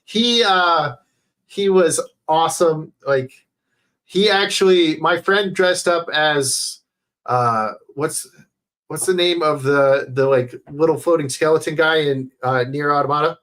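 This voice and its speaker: Slow-talking casual male streamer. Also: a little high, fairly bright tone. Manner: rambling, swears often, many fillers. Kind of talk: casual livestream chat. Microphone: headset.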